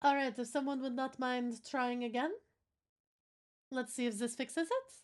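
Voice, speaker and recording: A woman's voice: high-pitched, steady tone, measured pace. A woman streamer chatting casually with her viewers, swearing now and then as she fixes her audio setup. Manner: chatty, swears, talks to chat while troubleshooting. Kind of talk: casual live-stream chat.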